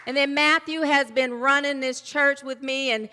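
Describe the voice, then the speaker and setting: A woman's voice: sits high, fairly even intonation, normal speed, crowd noise, noisy background. A woman pastor giving a sermon in a church, chatty and loose, often restarting her sentences. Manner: warm conversational preaching with loose restarts. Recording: long hall reverb.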